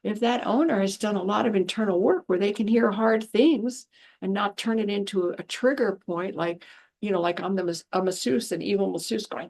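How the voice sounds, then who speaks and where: Chatty woman with a gravelly voice. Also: medium pitch, brisk, darkish tone. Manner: chatty storyteller acting out quotes in changed voices; frank, exasperated asides. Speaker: animal communicator and spiritual healer. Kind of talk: casual talking-to-camera monologue.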